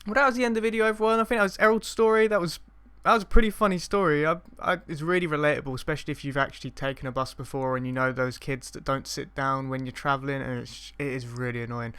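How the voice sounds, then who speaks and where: Bright chatty young-sounding man. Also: on the high side, steady tone, fast, clean tone. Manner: chatty, hesitant restarts. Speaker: reaction channel host. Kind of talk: casual vlog reaction.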